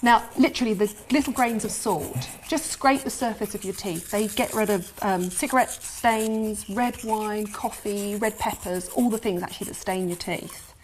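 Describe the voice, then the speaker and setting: A British woman hosting a TV beauty slot, her voice sitting at an ordinary middle pitch. She talks through each step in a brisk, upbeat, instructive way, recorded in a studio kitchen with a faint hiss behind her. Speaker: TV beauty presenter. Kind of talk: demonstrating a recipe on TV.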